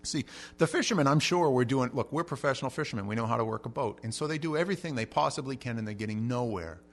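A man preaching an expository sermon, telling the story with animated energy and shouting out the quoted lines. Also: mid-range voice, quick pace. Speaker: pastor.

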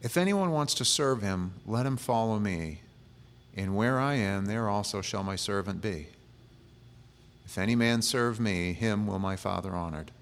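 Male pastor, slightly low voice, relaxed conversational preaching with wry asides. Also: unhurried. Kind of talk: sermon.

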